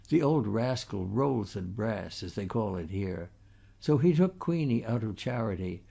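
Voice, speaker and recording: A man voicing a chatty, gossipy townsman who confides his low opinion of others in a storybook. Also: gravelly, mellow, full character voice. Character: gossipy talkative man, sly and jovial.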